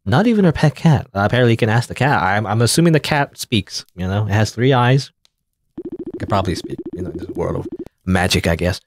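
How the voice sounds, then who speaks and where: A man's voice: on the low side, fairly quick, noisy background. A man casually commenting on a story game as he plays, wry and rambling, with plenty of hesitations. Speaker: let's play host.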